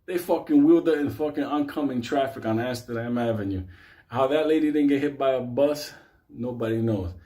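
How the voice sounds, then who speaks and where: A man's voice: mid-range voice, a little fast, mellow. A man, casually telling a long story, swearing heavily and laughing as he goes. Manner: profane, laughing through the story. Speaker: host.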